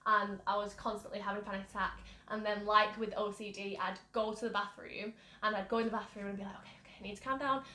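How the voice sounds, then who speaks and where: A woman's voice: medium pitch, level tone, fast, hardly any pauses, sharp tone. A young woman from the UK candidly recounting a personal story, rambling with many fillers. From United Kingdom. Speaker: mental health vlogger. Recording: roomy echo.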